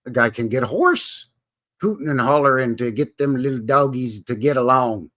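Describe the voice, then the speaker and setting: A man's voice: mid-range voice, expressive, moderate pace, fairly bright tone. A man from Alberta with a Canadian accent, hosting a live stream in a rambling, folksy way and greeting viewers by name. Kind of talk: casual live-stream chat.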